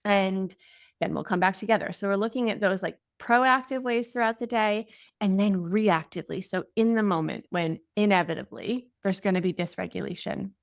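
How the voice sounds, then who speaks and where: A woman's voice: mid-range voice, normal speed, creaky, no room sound. Young adult woman, parenting guest, casual chatty delivery, dry booth sound. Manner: casual, warm explaining with frequent "like" fillers. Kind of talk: conversational interview answer.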